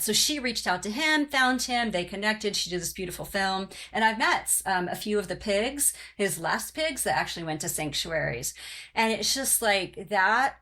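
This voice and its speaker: A woman's voice: medium pitch, expressive, normal speed, fairly bright tone. Chatty, rambling woman podcast host. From Oklahoma. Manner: chatty and rambling, full of "um" and "you know". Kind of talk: casual chat.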